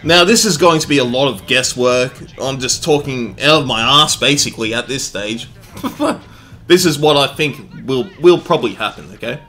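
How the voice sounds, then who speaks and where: A man giving energetic, joking gameplay commentary, full of swearing and bursts of excitement. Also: medium pitch, moderate pace. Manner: energetic, jokey, profane. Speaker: game commentator. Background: faint background music.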